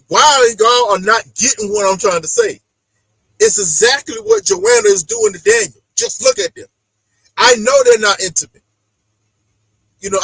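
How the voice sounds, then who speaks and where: A man hosting a casual reality-show recap chat, animated and acting out the people he talks about. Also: very high-pitched, vocal fry, no room sound, poor audio. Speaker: podcast host.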